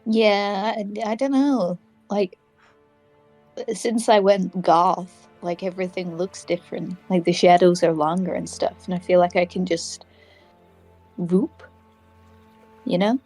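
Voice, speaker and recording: Slow-talking woman player. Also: lowish voice, steady tone, a little mellow, faint music behind. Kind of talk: in-character casual chat.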